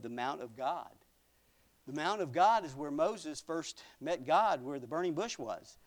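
A man preaching a sermon, reading old scripture aloud and adding folksy asides, dropping to a near whisper at times. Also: fairly high pitch. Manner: dramatic swings from loud to near whisper; folksy asides with small laughs.

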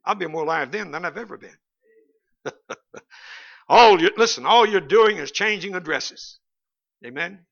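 A man's voice: sits high, expressive, moderate pace, gravelly, long pauses, fairly bright tone. A male Baptist preacher giving a folksy, humorous sermon that rises to emphatic peaks, recorded in a church on a slightly dull, lo-fi recording.

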